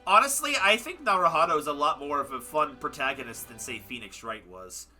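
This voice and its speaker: Wrapping up a game stream, a young man chats casually and ramblingly about the game he just finished, sounding tired and self-deprecating. His voice is a little high, animated, brisk, pushed and bright, with faint music behind him.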